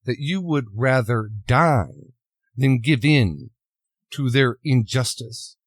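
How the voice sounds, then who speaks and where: A man's voice: mid-range voice, slow, no echo, clean studio sound. Preachy man retelling a movie. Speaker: commentator. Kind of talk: opinion monologue retelling a film.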